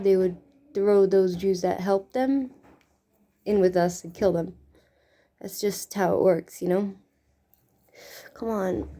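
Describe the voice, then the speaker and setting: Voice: medium pitch, mellow. A drag queen with a Brooklyn accent chatting casually while doing makeup, rambling and tagging "you know" onto many sentences.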